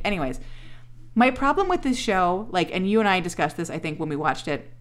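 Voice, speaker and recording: A woman's voice: fairly low pitch, lively intonation, fairly quick. A woman co-hosting a podcast, recapping a TV episode in casual, sarcastic chat, swearing and acting out the characters' lines. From Canada. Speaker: podcast co-host.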